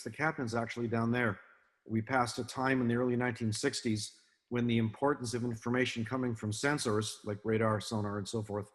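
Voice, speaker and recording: An older man giving an illustrated talk to an audience, relaxed and anecdotal, with many fillers and restarts. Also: medium pitch. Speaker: guest speaker, film naval advisor. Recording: long hall reverb.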